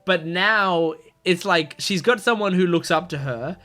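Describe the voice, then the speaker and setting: A man with a fairly high voice thinks aloud through a casual reaction commentary, full of "um"s, "like"s and restarts. Soft music plays faintly behind him. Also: unhurried. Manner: rambling, filler-heavy, thinking aloud. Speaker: reaction video host.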